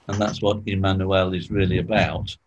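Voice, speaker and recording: A man teaching a small group in an informal Bible study, explaining slowly and asking questions, clearing his throat often. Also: sits low, highs cut off.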